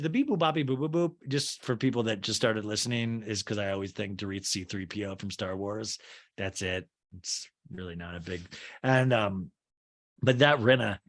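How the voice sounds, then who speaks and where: A man hosting a comedic TV recap podcast, animated and profane, acting out quotes. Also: fairly low pitch, moderate pace. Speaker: podcast host.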